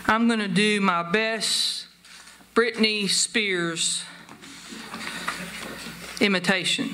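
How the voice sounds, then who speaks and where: A woman's voice: mid-range voice, fairly even intonation, extremely slow, background noise. A woman pastor giving a chatty, self-deprecating sermon from the pulpit and laughing often. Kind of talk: informal sermon. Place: church sanctuary.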